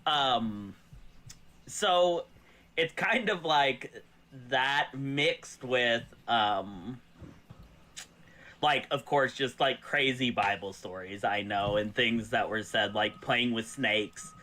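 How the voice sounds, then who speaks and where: A man's voice: medium pitch, slow pace, pushed and bright. A man from the US South chatting casually as a guest, rambling loosely with many fillers. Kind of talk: casual chat.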